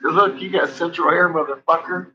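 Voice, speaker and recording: A man's voice: on the high side, steady tone, a little fast, bright, forceful tone. A man telling rambling, profanity-laced stories in casual chat, laughing often between remarks. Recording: dull lo-fi stream audio.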